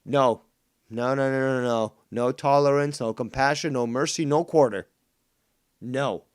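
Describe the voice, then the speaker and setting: A man hosting a casual talk show, ranting angrily with heavy profanity and mocking voices, swinging between low mutters and loud outbursts while drinking and smoking. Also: a little slow, clean tone. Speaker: podcast host.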